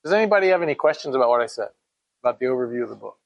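A man's voice: medium pitch, lively intonation, very fast, creaky. A man teaching a Bible study in a conversational way, reading scripture aloud and asking his listeners questions.

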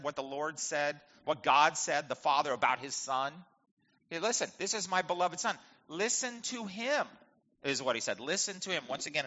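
A man's voice: mid-range voice, bright, forceful tone. Man, Bible teacher, conversational, rhetorical questions, dull lo-fi sound, long reverb.

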